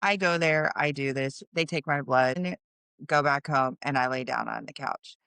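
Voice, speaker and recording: A woman's voice: rumbling low, normal speed, fairly bright tone, clean tone, no echo. A middle-aged woman hosting a podcast, earnestly telling a personal story in a conversational way and explaining things as she goes. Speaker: podcast host.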